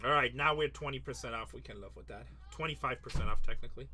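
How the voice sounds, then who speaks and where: A man's voice: medium pitch, fast, pushed and bright. A man hosting a live sports card break, rattling off lists in a teasing, joking selling patter.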